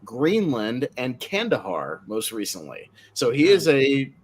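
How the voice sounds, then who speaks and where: A man hosts a casual podcast chat, his pitch swinging widely as he tells stories and laughs often. There is a faint hum of background noise behind him. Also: measured pace. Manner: laughs often, animated storytelling. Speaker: podcast host.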